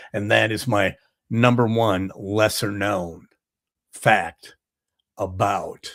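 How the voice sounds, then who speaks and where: Male talk show host, low and gravelly, dry close sound, casual rambling delivery. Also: fairly even intonation, slow pace, a bit bright, no echo. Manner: rambling, filler-heavy retelling. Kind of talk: casual monologue.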